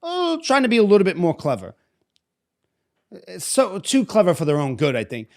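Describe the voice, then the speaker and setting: A man's voice: sits high, huge pitch swings, normal speed, gravelly. A young man in casual podcast chat, musing aloud, hesitant and searching for words. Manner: musing, hesitant, many fillers and restarts. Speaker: podcast co-host.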